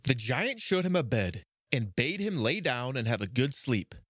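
A man narrating a fairy tale for a children's podcast, measured and expressive. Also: medium pitch, slightly rough, dry recording, clean studio sound. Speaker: storyteller. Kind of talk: storybook narration.

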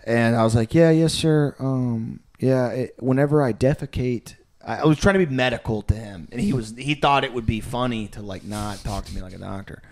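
Brief: young guy, podcast co-host, crude rambling storyteller, does quick voices of other people. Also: mid-range voice. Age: young adult. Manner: rambling, crude, animated, mimics a drawling old doctor. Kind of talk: casual comedic storytelling.

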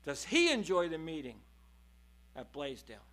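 A man with a high, bright, ringing voice preaching a sermon in a church. He is impassioned, dropping to a hush and then rising to loud cries. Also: huge pitch swings, unhurried. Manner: impassioned, swings between hushed and loud.

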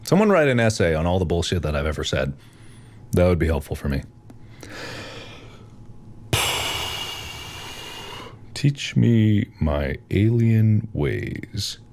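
A man in his thirties commentating on his own gameplay in a goofy, animated way, with sudden bursts of yelling. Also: low voice, moderate pace, gravelly. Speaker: gaming video host.

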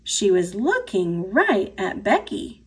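An American woman reading picture books aloud to children, with expressive, sing-song storytelling. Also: medium pitch, slow, slightly rough. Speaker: storybook reader. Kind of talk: picture book read-aloud.

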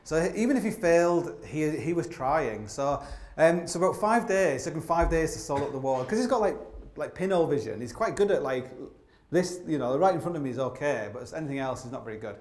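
A man tells rambling, self-mocking stories from a theatre stage, his voice sitting a little high for a man. His talk is thick with "like" and restarts. The stage mic picks him up in a roomy hall with plenty of echo. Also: animated, a little fast, darkish tone. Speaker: climber giving a live stage talk. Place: opera house stage. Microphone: stage microphone.

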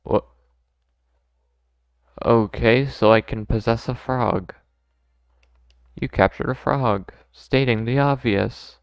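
A man's voice: medium pitch, slow pace, long pauses, clean tone, no room sound, highs cut off. A man playing a video game, casually commenting and joking as he goes. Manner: laid-back, joking, mutters to himself. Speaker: gamer. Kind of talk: let's play commentary.

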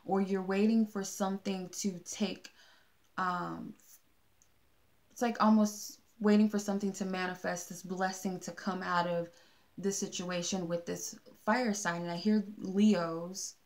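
A woman's voice: medium pitch, fairly even intonation, unhurried, a little mellow. A woman giving a casual tarot card reading, talking in a meandering way with many fillers and restarts. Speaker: tarot reader.

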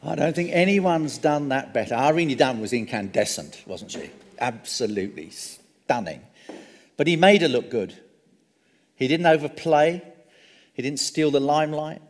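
A man giving a public lecture, an animated storyteller with frequent ums and wry asides. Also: a little high, normal speed. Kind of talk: public lecture on film history. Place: lecture hall. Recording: long hall reverb.

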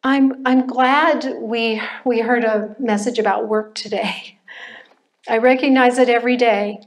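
An older woman giving a personal testimony at a church class, speaking in a slow, reflective way with pauses and restarts. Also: a little high, steady tone. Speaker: church member sharing testimony.

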